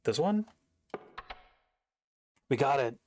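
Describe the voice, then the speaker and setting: A man's voice: mid-range voice, very animated, slow pace, darkish tone, no room sound. A young man streaming a game from home, thinking aloud in casual, rambling commentary as he reads puzzle text on screen.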